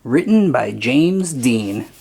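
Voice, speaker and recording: Children's read-aloud narrator, unhurried, sing-song, wide lively pitch. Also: vocal fry, slight background noise. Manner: slow, expressive, sing-song. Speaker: storybook reader.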